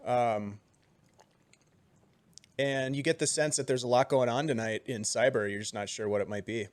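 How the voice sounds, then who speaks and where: Man, game master, relaxed narration, mid pitch, dry mic. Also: moderate pace, no room sound. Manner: relaxed, loose, lots of ums and restarts, chuckles.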